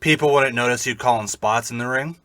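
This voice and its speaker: A man co-hosting a podcast, chatting casually and telling animated, profane stories. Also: mid-range voice, fairly quick, dry recording. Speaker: podcast co-host. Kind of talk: casual chat.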